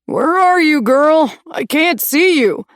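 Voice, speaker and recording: A woman voicing an adult male stranger who shouts reassurance while searching the woods, dry close recording. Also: high-pitched, lively intonation, slow, dry recording, pitched above the performer's own voice. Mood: calling out.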